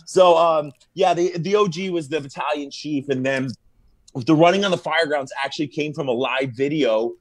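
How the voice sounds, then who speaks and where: A firefighter who also makes comedy videos chats as a guest in a casual podcast interview. His voice is on the high side at a moderate pace, and he tells stories in a lively, slangy way, laughing as he goes.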